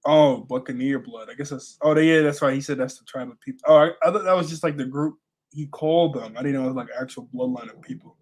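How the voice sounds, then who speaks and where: A man hosting a casual manga reaction, reading panels aloud and musing between them with fillers and quick laughs. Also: medium pitch.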